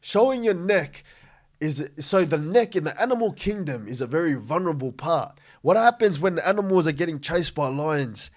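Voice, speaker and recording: A man from Sydney chats on a podcast with a fairly high, lively voice. He explains things eagerly, with plenty of examples and laughter. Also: normal speed. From Sydney, Australia. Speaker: podcast co-host giving speaking tips. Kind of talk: casual podcast chat.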